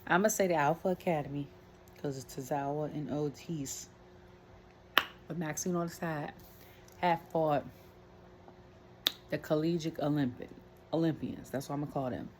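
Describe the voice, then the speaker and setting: Low-voiced chatty woman ranting casually. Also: moderate pace, pauses often, darkish tone, slight background noise. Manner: rambling, chatty, many fillers and asides. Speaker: wrestling commentary vlogger. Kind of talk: casual rant.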